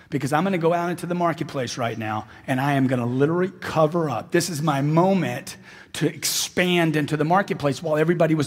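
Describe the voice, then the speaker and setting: A man's voice: fairly high pitch, husky. A middle-aged man giving a brash, punchy motivational seminar speech to a large live audience, mocking the voices of people he quotes. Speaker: sales speaker. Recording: echoey hall recording.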